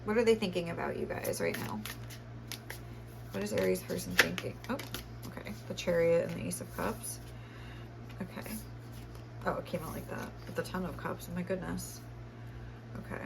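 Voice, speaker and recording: A woman's voice: fairly low pitch, animated, normal speed, creaky, long pauses, background noise. A young woman giving a casual tarot reading, chatty and full of fillers, often laughing as she talks. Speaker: tarot reader.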